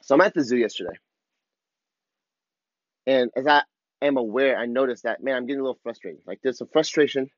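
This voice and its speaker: Thirties dad vlogger, candid and raw, mid-range voice, muffled close dry sound. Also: male voice, mid-range voice, brisk, pauses often, dry recording. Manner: raw, confessional, swears casually. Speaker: father vlogger. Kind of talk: candid personal reflection.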